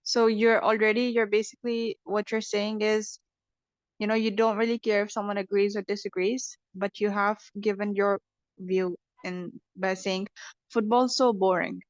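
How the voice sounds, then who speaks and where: A woman at a middle pitch teaches an English lesson, explaining patiently and often stopping to ask "okay?". The recording is dull and lo-fi, with a dry, close sound and little room echo. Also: little pitch movement, moderate pace. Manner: patient, explains step by step, checks understanding with "okay?".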